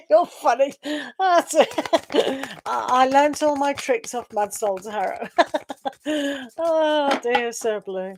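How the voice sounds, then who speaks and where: A woman's voice: high-pitched, drawn-out words, long pauses, slight background noise, rough recording. A woman doing a live tarot reading, chatting and reassuring viewers by name and laughing often. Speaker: tarot reader.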